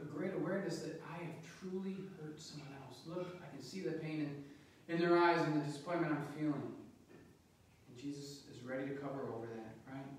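Priest in a very echoey church. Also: male voice, fairly high pitch. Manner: conversational, halting, with frequent word repetitions. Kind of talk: gospel reading and homily at Mass. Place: large church. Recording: very echoey church from far off, faint noise.

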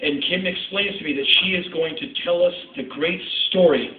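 A middle-aged man performing a spoken word story on stage, with an animated, sardonic, punchy delivery. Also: high voice, moderate pace. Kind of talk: stand-up storytelling. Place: nightclub stage. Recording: echoey club audio, tinny and distant.

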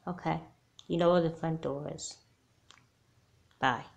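A woman's voice: low voice, steady tone, unhurried, gravelly, dull audio, a little hiss or hum. A woman voicing a wary, earnest young girl doll in a homemade doll movie, who speaks bluntly. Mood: guarded.

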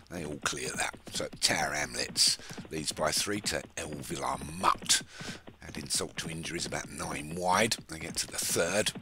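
A man commentating a horse race in a racing game, reading off the runners quickly and stumbling on names, with jokey rambling asides. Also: extremely low pitch, background noise.

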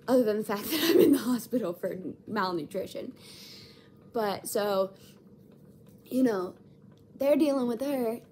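Young woman vlogger, animated casual storyteller, mid-pitch, faint hospital hum. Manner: animated, chatty, dramatic asides. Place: hospital room.

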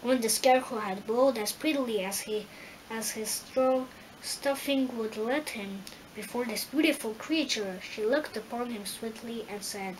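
Woman reader for a storybook, careful and slow with small stumbles. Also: a little high, slight background noise, rough recording. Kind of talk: storybook reading.

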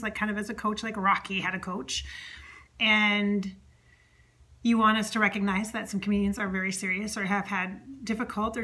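A woman speaking as a psychic medium, chatty and conversational, passing along what an unseen presence tells her. Her tone is bright and forward, and she often slips into a soft whisper mid-sentence. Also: mid-range voice. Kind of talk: solo channeling monologue.

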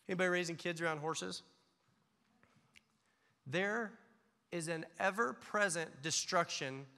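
A man delivers a sermon in a high, bright, forceful voice. His words ring out with a long reverb, as if filling a church hall. He tells stories and acts out voices as he preaches. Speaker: pastor. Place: church sanctuary.

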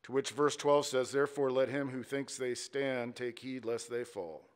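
Male pastor, emphatic repetitive preaching, mid-pitched voice, long reverb of the sanctuary. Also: steady tone, moderate pace. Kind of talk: sermon. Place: church sanctuary.

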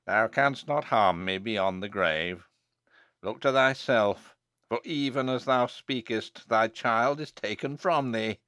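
A man voicing a solemn, aged male abbot who speaks with slow, grave meekness in an audiobook. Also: medium pitch, fairly bright tone, no room sound.

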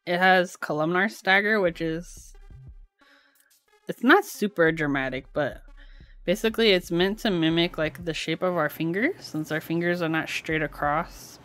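A woman's voice: fairly low pitch, a little slow, fairly bright tone, faint music behind. A young woman streaming from home as she builds a keyboard, chatting casually with frequent giggles and lots of "like". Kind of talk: casual live-stream chat.

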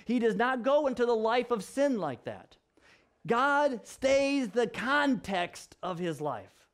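A male pastor giving a casual vlog sermon, animated and wry, acting out the quotes he tells. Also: extremely high pitch, slow. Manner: animated, sarcastic asides, acts out quotes.

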